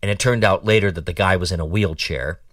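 A man's voice: deep voice, fast talker, fairly bright tone, no room sound, clean studio sound, far from the mic. A man hosting a talk show and giving opinionated political commentary in a sarcastic, mocking, rambling way.

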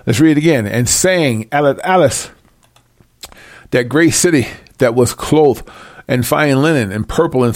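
In clean studio sound with no echo, a self-styled Bible teacher with a medium-pitched, slightly mellow voice reads scripture aloud and then explains it. His fiery commentary is blunt, confrontational, and mocking.

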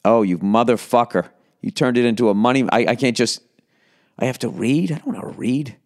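A man's voice: medium pitch, fairly quick. A man hosting a comedy podcast, rambling through profane asides with mock outrage in a casual rant.

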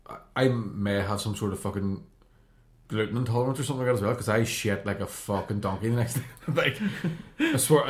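A man's voice: lowish voice, echoey room. A man in his late twenties, a podcast guest, telling crude self-mocking stories and saying "aye" a lot. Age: late 20s. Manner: swearing, self-mocking storyteller, says "aye" often. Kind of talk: casual comedy chat.

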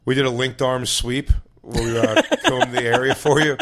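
Male comedian guest, mid pitch, teasing banter, a bit off mic. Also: steady tone, moderate pace. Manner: teasing, laughing storyteller. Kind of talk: casual green room chat. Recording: off mic, quieter.

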